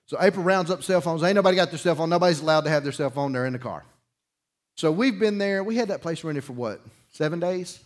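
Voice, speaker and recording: A middle-aged man, preaching a sermon through a folksy personal story, swinging between loud bursts and quiet emphasis. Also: fairly high pitch, fast. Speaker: pastor.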